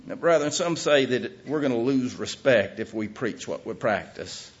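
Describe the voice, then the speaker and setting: A middle-aged man preaching a sermon in a folksy, emphatic way, with his voice rising to loud peaks. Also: mid-range voice, expressive, normal speed. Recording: muffled lo-fi recording.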